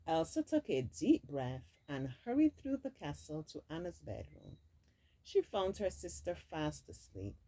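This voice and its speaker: A woman's voice: low-pitched, sing-song, measured pace, warm tone, low-quality recording. A woman reading a storybook aloud expressively, dropping in casual asides of her own. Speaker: storybook reader.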